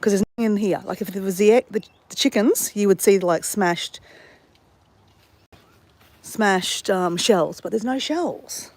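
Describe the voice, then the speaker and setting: A woman with a medium-pitched, darkish voice vlogs from her suburban backyard, filming on a handheld phone and speaking at a measured pace. She chats casually and vents in an exasperated rant, swearing and laughing at herself with self-mocking asides.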